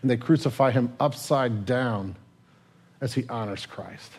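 A man preaching a sermon, retelling a scripture story in a casual, conversational way, swinging from loud and lively to hushed and tender. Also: mid-range voice, measured pace, slightly rough. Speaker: pastor.

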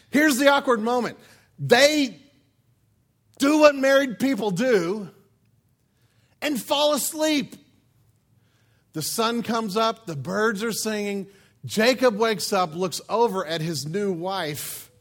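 High-voiced guy preaching, jokey and chatty, really animated. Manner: joking, animated, conversational. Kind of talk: humorous sermon.

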